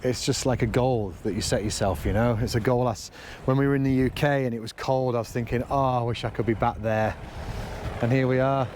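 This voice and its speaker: Middle-aged man, mid-pitched, heartfelt rambling vlog delivery, faint wind outside. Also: steady tone, fast, darkish tone. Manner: earnest, emotional, rambling. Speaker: vlogger. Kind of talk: casual vlog talk to camera. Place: outdoors by the sea, then in a camper van. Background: faint wind and outdoor ambience.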